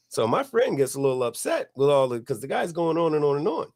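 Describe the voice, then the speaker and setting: A middle-aged man, hosting a podcast and telling a long, profane story in a relaxed way, laughing as he goes. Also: a little high, fast talker. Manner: laid-back, profane, laughs at his own story. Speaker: podcast host. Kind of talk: casual storytelling.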